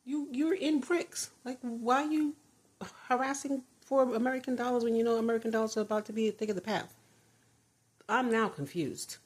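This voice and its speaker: An older retired woman vlogs from her bedroom with the door closed, chatting casually, rambling, and laughing a lot. Her voice is a little high, steady in tone, and brisk.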